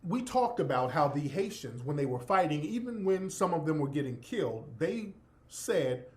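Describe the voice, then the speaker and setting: Male commentator, emphatic and profane, preacher cadence, lively high voice. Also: moderate pace. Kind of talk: impassioned monologue.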